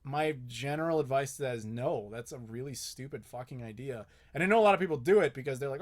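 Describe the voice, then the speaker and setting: A man's voice: medium pitch, quick pace, hardly any pauses. A young man hosting a live Q&A, chatting casually and bluntly, swearing often and joking with viewers. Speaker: host.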